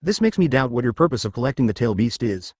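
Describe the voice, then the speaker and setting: A man's voice: mid-range voice, animated, fast talker, darkish tone, slightly rough, no room sound, studio quality. A man voicing a cocky young martial artist in a synthetic-sounding story reading, confident and sly.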